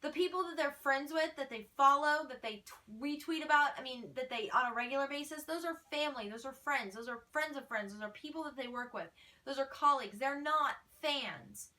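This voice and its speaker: A woman's voice: high-pitched, a little fast, bright, forceful tone, far from the mic. A woman fan page admin answering fan questions in a casual vlog, blunt, feisty and exasperated.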